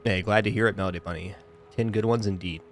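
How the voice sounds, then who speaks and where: A man streaming a game, giving casual commentary and weighing his choices out loud. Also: fairly low pitch, fairly even intonation, fast talker, faint music behind. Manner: thinks aloud, weighing choices.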